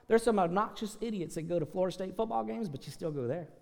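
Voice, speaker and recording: A middle-aged man preaching a sermon, folksy and earnest, swinging from loud exhortation to soft pleading. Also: sits high, quick pace, gravelly. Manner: repeats words when restarting, folksy asides. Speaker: pastor. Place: church sanctuary. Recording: long hall reverb.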